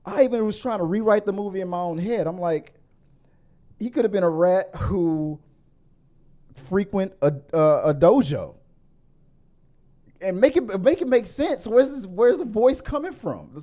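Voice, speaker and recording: A man hosting a casual movie review podcast, rambling with many restarts and getting more animated as he argues his point. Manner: grows animated and higher when arguing. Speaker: podcast host.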